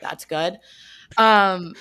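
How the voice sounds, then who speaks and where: A woman's voice: on the low side, drawn-out words, bright, forceful tone, smooth. A woman chatting casually as a podcast guest, upbeat and full of fillers. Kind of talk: casual chat.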